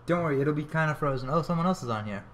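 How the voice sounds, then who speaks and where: A man talking casually and quickly with a friend during a game stream. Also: on the high side, expressive, a bit bright, a little hiss or hum. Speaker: gaming partner. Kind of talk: casual chat.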